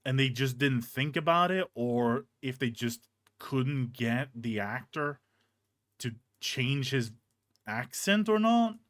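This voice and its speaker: A man's voice: medium pitch, takes it slowly, dry recording, clean studio sound. A young man streaming, ranting casually and profanely with many restarts, in a hot room with a fan on. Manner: animated, profane, rambling with restarts.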